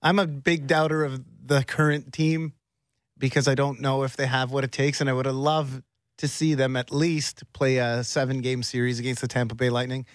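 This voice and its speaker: A man's voice: medium pitch, flat delivery, moderate pace, no echo, studio quality. A man co-hosting a sports radio show, talking enthusiastically and stumbling over repeated words. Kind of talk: casual sports talk.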